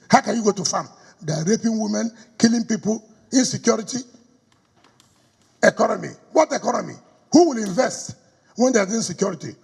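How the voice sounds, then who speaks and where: Combative Nigerian man, gravelly, echoey hall. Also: high voice. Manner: combative, rhetorical questions, switches into pidgin. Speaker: politician addressing party stakeholders. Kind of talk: campaign speech. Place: government house hall.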